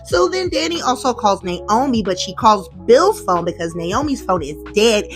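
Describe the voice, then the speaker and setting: A woman's voice: medium pitch, soft background music. Gossipy woman recapping soap drama. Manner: gossipy, excitable, quick asides. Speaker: soap opera recap host. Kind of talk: casual recap vlog.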